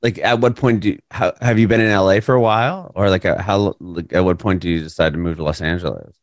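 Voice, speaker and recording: A man's voice: deep voice, fairly even intonation, fast, no room sound, studio quality. A man interviewing a guest casually over a video call, asking sympathetic, rambling questions that restart mid-sentence.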